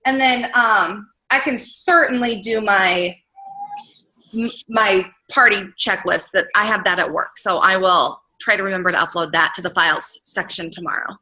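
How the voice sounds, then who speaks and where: A woman's voice: medium pitch, fairly even intonation, normal speed, bright, forceful tone, low-quality recording. A woman sharing tips in a casual video call, rambling and correcting herself as she goes. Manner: rambling, trails off, self-corrects. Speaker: book sales consultant.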